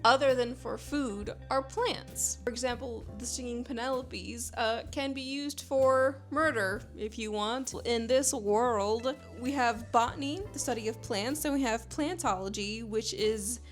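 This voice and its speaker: A young woman novelist from Panama talks through her book ideas in a chatty, rambling way, full of fillers and enthusiasm. Her voice sits high, and she records from her home computer room with faint music underneath. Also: unhurried. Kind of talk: chatty writing vlog.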